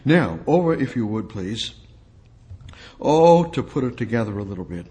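A man delivering a sermon and reading Bible verses aloud. He presses his points by repeating short phrases and putting questions to his listeners. His voice rises into loud exclamations and then drops to quiet asides. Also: sing-song, moderate pace. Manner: swings between loud exclamations and low asides. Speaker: preacher.

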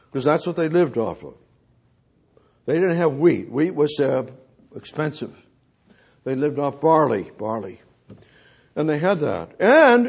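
Husky male preacher, slow and emphatic, lively pitch, repeats himself. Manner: emphatic, repetitive, restarts and stammers. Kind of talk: sermon.

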